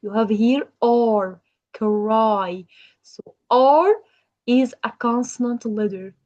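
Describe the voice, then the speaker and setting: A woman's voice: on the high side, slow pace, a little mellow, muffled recording. A woman teaching English grammar in a patient manner, asking the learner questions. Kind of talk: grammar lesson.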